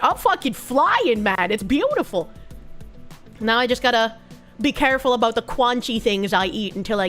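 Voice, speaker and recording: A woman with a Boston accent streaming and chatting casually, reading donations and swearing freely with frequent giggles. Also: fairly high pitch. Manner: profane, giggly, animated. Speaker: livestreamer.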